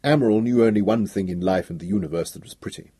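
In clean, dry studio sound, a male audiobook narrator delivers scripted narration of a novel. His voice sits on the low side and is slightly rough, and his reading is measured yet expressive.

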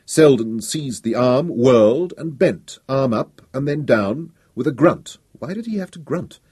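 A man narrating a story in an expressive, dramatic storytelling style. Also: medium pitch, measured pace, husky. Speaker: audiobook narrator. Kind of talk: scripted narration.

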